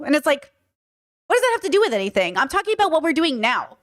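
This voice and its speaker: Streamer, female, high voice, casual and animated, repeats herself, talks to chat. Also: quick pace. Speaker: livestream host.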